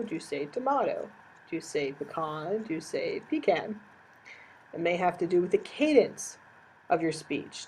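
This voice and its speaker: A woman's voice: fairly low pitch, darkish tone, breathy edge, rough recording. A woman teacher giving a recorded lecture, explaining terms step by step and repeating key definitions.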